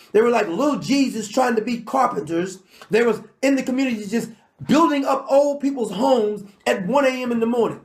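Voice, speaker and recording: A man delivering an angry, sarcastic commentary monologue, combative and at times shouting. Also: very high-pitched, echoey room. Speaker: political commentator.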